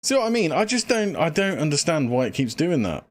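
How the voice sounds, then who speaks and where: A man's voice: on the high side, very animated, a little fast. Rambling, breathless man streaming a game. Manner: rambling, lots of fillers, thinks aloud. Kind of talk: casual gameplay livestream chat.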